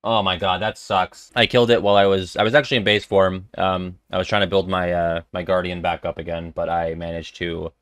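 A man giving casual gameplay commentary, excitable and quick to swear, yelping and exclaiming at the action. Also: low voice, dry recording. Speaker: let's play commentator. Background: game music.

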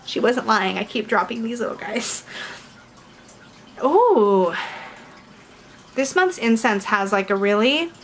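Bubbly, sing-song woman with a high voice. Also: takes it slowly, long pauses, a little hiss or hum, poor audio. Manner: excitable, sing-song, giggly. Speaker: tarot reader and video host. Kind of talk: casual unboxing vlog.

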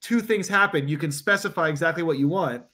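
A man's voice: fairly high pitch, brisk, pushed and bright. Man venting in a casual chat. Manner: venting, swearing. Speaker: podcast co-host.

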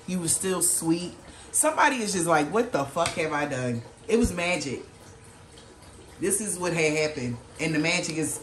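A woman's voice: echoey room, a little hiss or hum. A woman giving a casual tarot reading, slangy and swearing freely, acting out what others might say. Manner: slangy, swears, quotes people in lowered voice. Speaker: tarot reader.

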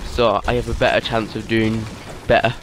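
A man's voice: lowish voice, little pitch movement, normal speed, noisy background. A man giving casual, rambling gameplay commentary, half asleep and easily startled. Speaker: gaming YouTuber.

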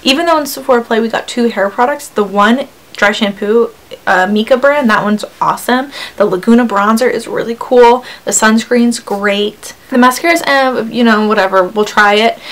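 A woman's voice: on the high side, moderate pace, fairly bright tone, poor audio. A young woman vlogging in a casual, chatty, upbeat way as she unboxes beauty samples, with frequent ums and likes.

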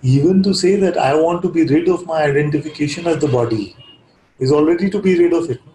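A man giving a calm, reflective spiritual talk, telling a parable and often checking in with his listeners. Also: a little high, fast talker. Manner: calm, reflective, keeps asking "you see?". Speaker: spiritual teacher. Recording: echoey room.

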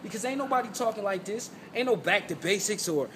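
A man's voice: sits high, expressive, fast talker, noisy background. A man giving an emphatic, profane street rant, repeating himself and checking in with his listeners. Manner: emphatic, profane, repeats "you know what I'm saying". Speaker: host.

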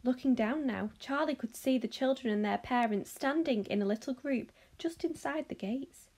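A woman reading a children's novel aloud, narrating in an expressive storytelling manner. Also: high-pitched, moderate pace.

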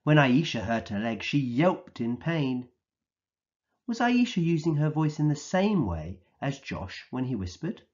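A man teaching a recorded vocabulary lesson for young children, speaking slowly and clearly in an encouraging way and acting out the words he defines. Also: fairly high pitch, big pitch swings, a little mellow, lo-fi sound. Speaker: early years teacher.

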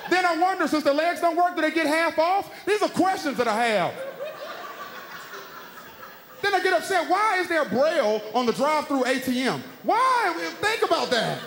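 A man doing a stand-up routine, ranting with exasperated punchlines. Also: extremely high pitch. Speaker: stand-up comedian. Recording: live hall with noise.

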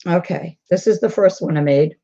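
A woman's voice: lowish voice, moderate pace, mellow, slight background noise. A woman showing her handmade cards on a livestream, talking casually and hesitantly with many ums. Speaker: guest crafter. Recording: dull lo-fi online call audio.

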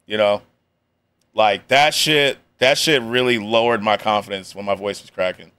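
A man's voice: fairly low pitch, steady tone, moderate pace, bright, forceful tone, clear, resonant tone. A young man reacting to a video on a live stream, joking in slang and laughing often. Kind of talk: casual reaction commentary.

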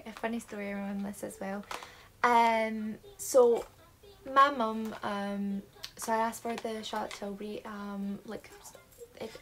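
Scottish girl, 19, chatty haul vlog, lots of ums, noisy home recording. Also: medium pitch. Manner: chatty, many um fillers. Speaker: beauty vlogger. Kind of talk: casual haul chat.

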